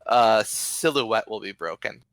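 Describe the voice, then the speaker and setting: A man narrating as game master in a tabletop game, halting with many pauses and restarts. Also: on the low side, expressive, vocal fry, a bit bright, dry recording.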